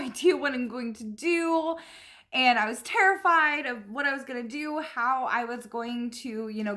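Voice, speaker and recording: A woman's voice: fairly high pitch, sharp tone. A young woman vlogger telling a personal story in a chatty, candid way, full of fillers and "like". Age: young adult. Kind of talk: casual storytime.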